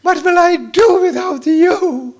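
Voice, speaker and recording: A man putting on a high, sing-song voice to play a fickle, exasperated wife in a comic lecture aside. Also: slow pace, darkish tone. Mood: teasing.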